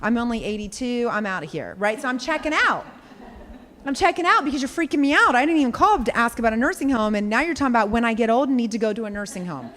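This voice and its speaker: A woman sales coach giving a workshop talk, direct and animated, acting out examples to the group. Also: high voice, fast talker. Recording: echoey hall.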